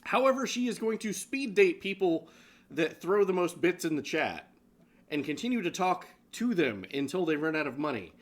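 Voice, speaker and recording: A man's voice: high-pitched, moderate pace. A man co-hosting a casual online news show, swearing, laughing and ranting about what he shows. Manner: animated, swearing, laughs often. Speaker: show co-host. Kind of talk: casual profane news commentary.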